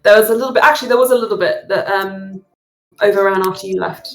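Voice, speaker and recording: A woman's voice: medium pitch, fast. Chatty woman game master, echoey. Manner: chatty, with many fillers. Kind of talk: narrating a tabletop game. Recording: echoey room.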